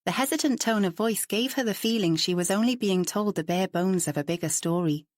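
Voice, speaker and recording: A woman narrating a novel in calm, even scripted storytelling. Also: medium pitch, brisk, no echo, clean studio sound. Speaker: audiobook narrator.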